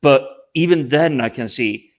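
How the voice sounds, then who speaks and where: Animated man on dull lo-fi audio. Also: mid-range voice, unhurried. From Scandinavia. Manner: animated, stammering restarts, laughs while talking. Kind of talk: casual chat.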